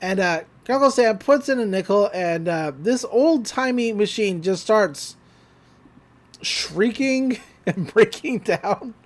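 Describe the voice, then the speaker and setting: A podcast host walks through a cartoon episode casually. The voice swings around a lot in pitch and laughs come often. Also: expressive, slow.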